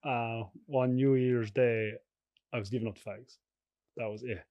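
Irish man telling lively anecdotes. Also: mid-range voice, unhurried, highs cut off. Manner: lively, rambling anecdotes, chuckles often. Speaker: guest. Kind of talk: casual podcast chat.

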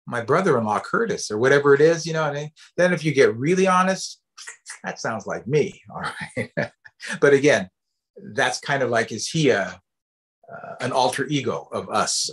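A man from the US Pacific Northwest, a storyteller and educator, giving a playful storytelling lecture with pauses and fillers. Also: mid-range voice.

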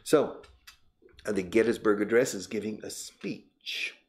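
A man's voice: on the low side, measured pace. Older man teaching English, chatty. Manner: chatty, switches into Spanish to explain words. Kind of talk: casual spoken English lesson.

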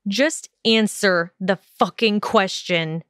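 A woman voicing a cold, arrogant teenage wizard boy, low and harsh in a sneering manner, for a fan audiobook. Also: slow, a bit bright, no room sound, studio quality. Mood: contemptuous.

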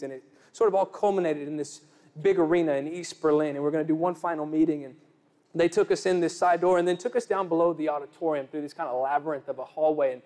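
A young man preaching a sermon, telling a lively story and building to emphatic declarations. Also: high voice. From United States.

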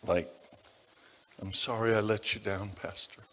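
A male pastor preaches in a lowish, bright voice, drawing his congregation in with personal stories. He drops to a near whisper, then rises to forceful emphasis. The sound carries the long reverb of a large church hall. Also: steady tone, measured pace, a little hiss or hum. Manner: dramatic shifts between hushed and loud. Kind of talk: sermon storytelling.

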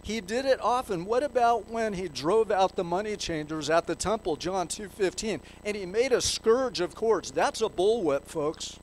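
A man's voice: high voice, moderate pace, few pauses, a little hiss or hum, low-quality recording. A man preaching a sermon in a church, reading scripture aloud and putting questions to the congregation. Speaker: pastor.

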